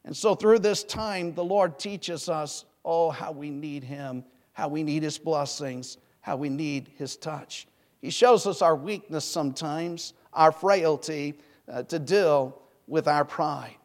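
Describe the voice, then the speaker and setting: A man's voice: fairly high pitch, slow. A man preaching a sermon, fervent and rising to emphatic peaks when he quotes scripture.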